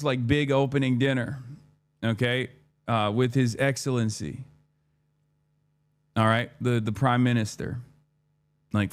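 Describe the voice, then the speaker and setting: Male streamer, thirties, mid-pitched, rambling profane storytime chat with acted-out quotes. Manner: rambling, profane, animated retelling with quoted dialogue.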